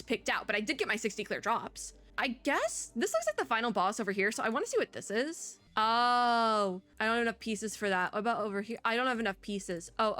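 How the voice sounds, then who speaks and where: A woman's voice: fairly high pitch, a bit bright. A woman content creator giving casual, chatty gameplay commentary, thinking aloud and giggling between remarks.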